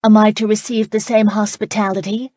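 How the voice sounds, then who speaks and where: A woman narrator voicing a spirited young American woman who speaks boldly and indignantly, higher and louder than her narration. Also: normal speed, slightly rough, dry recording, studio quality, natural voice. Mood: defiant. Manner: bold and indignant.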